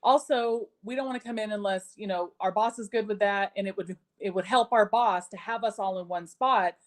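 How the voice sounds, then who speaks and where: Fast-talking woman in casual chat. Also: medium pitch. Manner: quick, chatty, friendly storytelling. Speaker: guest.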